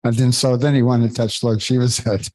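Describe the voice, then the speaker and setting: A man leading a devotional scripture class, talking informally and haltingly, searching for words and chuckling between points. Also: mid-range voice, flat delivery, darkish tone, dry recording, poor audio.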